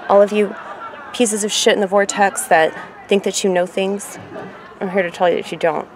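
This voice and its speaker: A middle-aged woman talking casually to her viewers, rambling, laughing at her own stumbles and swinging from loud to quiet. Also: mid-range voice, steady tone, moderate pace, a faint crowd, slight background noise. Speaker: vlogger.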